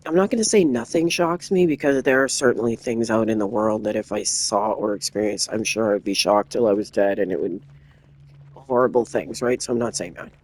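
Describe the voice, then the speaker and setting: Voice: medium pitch, a little fast, poor audio. A gaming streamer telling a long anecdote in a casual, rambling way, full of restarts and asides. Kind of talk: casual storytelling while gaming.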